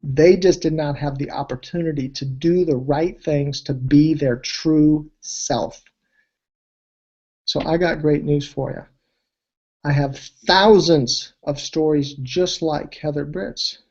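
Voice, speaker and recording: A man presenting a weight-loss program, telling testimonial stories in an animated way, his voice leaping high when he gets excited. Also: measured pace, dull audio. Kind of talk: testimonial storytelling speech.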